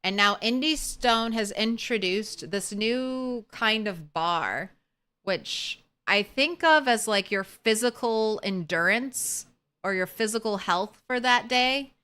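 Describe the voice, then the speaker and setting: Slow, bright-voiced woman streamer. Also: on the high side, smooth. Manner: chatty, swears casually, talks to the game animals. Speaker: game streamer. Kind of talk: casual gameplay commentary.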